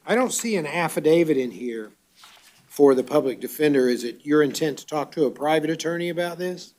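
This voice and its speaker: A judge reads out charges and bond conditions in a measured, formal manner. His voice sits somewhat high for a man. He pauses on fillers as he talks. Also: expressive, a little mellow. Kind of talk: courtroom bond hearing.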